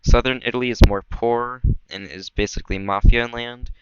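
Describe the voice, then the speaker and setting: A man's voice: steady tone, moderate pace, slight background noise. A young man casually narrating a map war scenario, rambling with many fillers and self-corrections. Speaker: mapping video creator. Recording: dull low-quality mic, dry.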